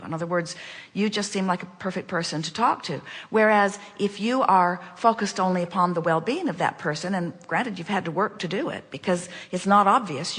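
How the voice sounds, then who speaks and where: Woman talking slow and emphatic, speaks as "we", voice ringing in a big echoey hall. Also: medium pitch, fairly bright tone. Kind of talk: spoken teaching in conversation. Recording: long hall reverb.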